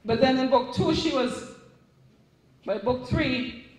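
A middle-aged woman with a Caribbean English accent, an author speaking to a live audience at a book signing in a chatty, animated way. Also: sits high, slow, recorded from a distance. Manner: chatty, animated storytelling with restarts. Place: event room. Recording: echoey room.

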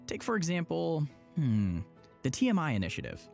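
Persuasive upbeat male presenter, lively intonation, faint music bed. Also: a little high, normal speed, gravelly. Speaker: church promo presenter. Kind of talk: scripted explainer dialogue.

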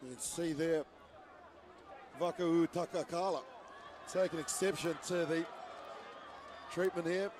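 A high-pitched man calls a rugby game play by play. He gets excited and shouts as the attacks build. Loud crowd noise fills the broadcast behind him. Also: a little slow, pauses often. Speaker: play-by-play commentator. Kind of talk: live sports commentary.

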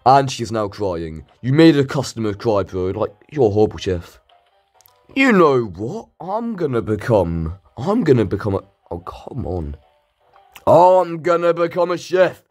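A man's voice: medium pitch, sing-song, a little slow, a little mellow, soft background music. A man with a bad cold commentating a mobile game, yelping and pleading in comic panic. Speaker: gaming channel host. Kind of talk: gameplay commentary. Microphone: playing on mobile.

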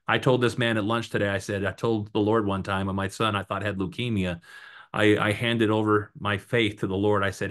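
A man guesting on a podcast, talking in an animated, preachy motivational style full of stories and punchy repeated lines. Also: lowish voice, fairly quick. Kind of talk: motivational interview talk.

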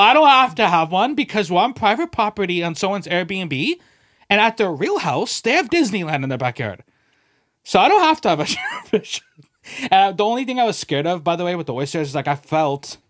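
A fairly high-voiced man hosting a podcast who tells rambling, animated stories and swears freely. He calls everyone bro and dude and slips into quoted voices as he talks. The sound is dry and close, with no room echo. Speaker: podcast host. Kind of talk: casual storytelling chat.

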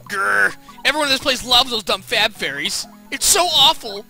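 Guy doing a snippy jealous character, grumbling, bright high voice. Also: lively intonation, moderate pace, creaky, soft background music, exaggerated voice. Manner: sulky, snippy.

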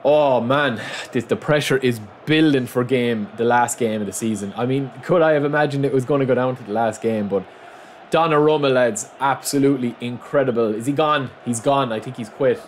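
A man giving live gameplay commentary, swinging between hyped shouting and low muttering as he plays. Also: fairly quick, a little hiss or hum. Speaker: gaming commentator.

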